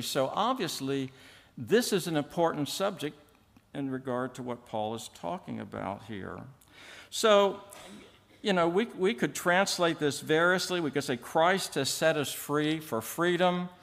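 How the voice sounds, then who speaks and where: A man, a pastor, teaching an evening Bible sermon in a measured, explanatory way, reading and quoting scripture as he goes. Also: on the high side. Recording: long reverb of a church hall.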